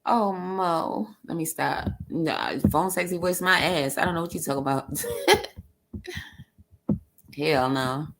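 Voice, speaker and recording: A woman's voice: sits low, slow, long pauses, a bit bright. A woman with a New York accent chatting on a panel, blunt and profane, laughing often. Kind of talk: casual panel chat.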